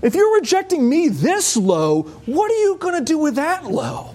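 Jesus as a patient and earnest grown man, as a preacher puts him on in a sermon. He explains things slowly and gravely, and his voice rises and falls widely. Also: sits high, big pitch swings, darkish tone, full character voice. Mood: urgent.

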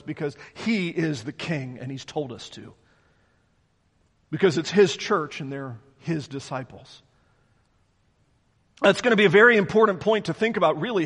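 High-voiced pastor preaching a sermon. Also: male voice, fairly bright tone, slightly rough, long reverb tail. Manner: preaching, explaining scripture in earnest. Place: church sanctuary.

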